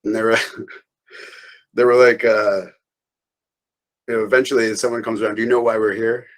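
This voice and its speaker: A man's voice: lowish voice, little pitch movement, moderate pace, poor audio. A man being interviewed, telling a long story in a loose, rambling way with restarts and small laughs. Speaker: interview guest.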